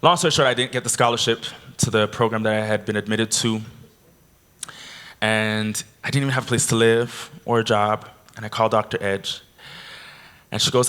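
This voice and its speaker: A man's voice: fairly low pitch, moderate pace, clean tone. Man telling a story at a keynote. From Canada. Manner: animated storyteller. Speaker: keynote speaker. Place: convention hall.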